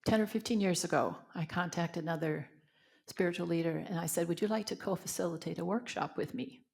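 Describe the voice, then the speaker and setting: Older canadian lady minister, kinda low and gravelly, tells stories then guides a meditation. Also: fairly quick, darkish tone. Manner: storytelling, acting out quoted voices. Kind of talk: spiritual talk with guided meditation.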